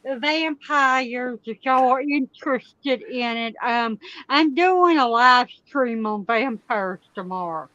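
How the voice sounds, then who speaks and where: A woman co-hosting a live-stream chat, speaking slowly and casually. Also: a little high, a bit bright, no room sound. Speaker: co-host, fellow streamer. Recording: dull lo-fi mic.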